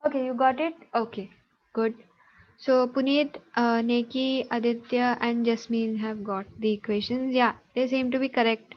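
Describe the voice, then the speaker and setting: A woman's voice: fairly high pitch, steady tone, moderate pace. Patient woman teaching over dull call audio. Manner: patient, checking students' answers aloud. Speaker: math teacher. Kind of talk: online class teaching.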